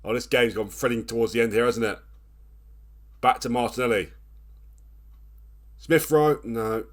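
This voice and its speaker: A man in his thirties commentating his own football management game, swinging between nervous groans and excited shouts. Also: medium pitch, moderate pace. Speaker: gaming channel host. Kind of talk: let's play commentary.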